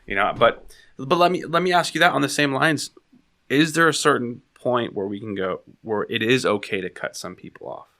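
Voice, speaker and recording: A man's voice: medium pitch, normal speed, sharp tone. A man co-hosting a casual conversation, asking questions and laughing easily. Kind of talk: casual conversational podcast talk.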